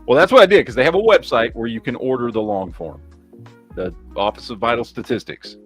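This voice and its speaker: A man's voice: medium pitch, animated, a little fast, a bit bright, faint music behind. A man hosting a podcast, telling rambling, profanity-laced stories in casual chat. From Texas. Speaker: podcast host.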